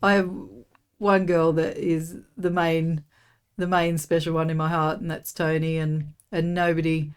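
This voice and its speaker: Chatty Australian mother, low voice. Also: little pitch movement, unhurried, clear, resonant tone. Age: middle-aged. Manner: warm, rambling, many "you know"s. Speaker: podcast guest, host's mother. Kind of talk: casual chat.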